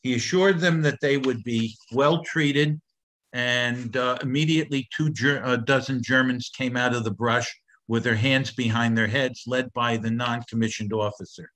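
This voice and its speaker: An older man presenting a slide lecture, telling a story at an unhurried pace with frequent hesitations. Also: medium pitch, a bit bright, rough recording. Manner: unhurried, hesitant, many filler sounds. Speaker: presenter of an education program.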